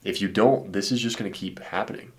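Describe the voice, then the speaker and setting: A man with a very low voice gives blunt, laid-back dating advice in casual commentary. He talks like he's chatting with a buddy, dropping "dude" and "man" and the odd curse word. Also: fast, darkish tone. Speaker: dating coach. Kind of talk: casual commentary reacting to viewer messages.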